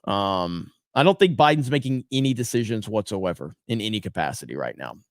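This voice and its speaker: A man hosting a live stream, reading viewer comments aloud in a relaxed, casual chat full of ums and uhs. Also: lowish voice, brisk, no echo, clean studio sound. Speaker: host.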